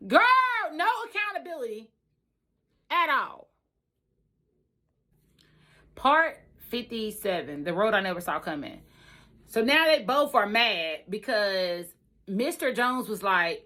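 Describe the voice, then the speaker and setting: Animated, bright-voiced woman venting a story. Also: medium pitch, slow, long pauses. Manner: emphatic, repetitive, animated venting. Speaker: truck driver telling her life story. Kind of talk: casual storytime vlog.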